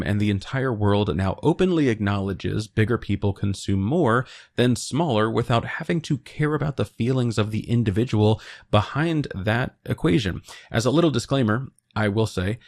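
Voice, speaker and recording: Low-voiced man giving opinionated commentary. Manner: opinionated, joking asides. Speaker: video essay host. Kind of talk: casual commentary.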